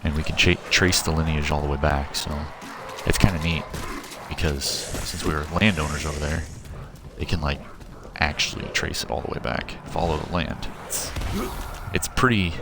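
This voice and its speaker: Deep-voiced streamer chatting mid-game. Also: male voice, steady tone, moderate pace. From Missouri, USA. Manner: rambling, self-interrupting, chatty with viewers. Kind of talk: casual chat while gaming. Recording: game music and gunfire behind.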